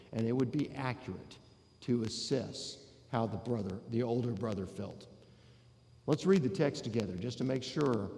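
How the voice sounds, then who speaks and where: Pastor guy preaching, kinda gravelly, chatty, long hall echo. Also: mid-range voice, darkish tone. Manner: conversational, rhetorical questions to the congregation. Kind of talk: sermon.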